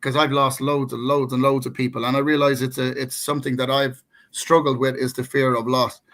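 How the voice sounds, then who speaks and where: A man's voice: mid-range voice, flat delivery, fairly quick, fairly bright tone. A middle-aged man with an Irish accent, co-hosting a casual talk show and telling a personal story with many restarts and fillers. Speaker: co-host.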